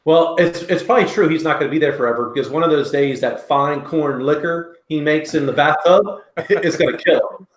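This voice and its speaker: A man's voice: a little high, brisk. A man co-hosting a tech podcast in casual chat. He jokes and teases in his banter. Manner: joking, teasing banter. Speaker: podcast co-host. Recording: echoey room.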